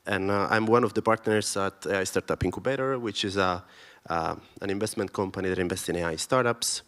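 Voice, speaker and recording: Man, from Italy, investor panelist, deeper voice, lots of hesitations. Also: brisk, fairly bright tone. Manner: hesitant with many uhs, chatty. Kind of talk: conference panel chat.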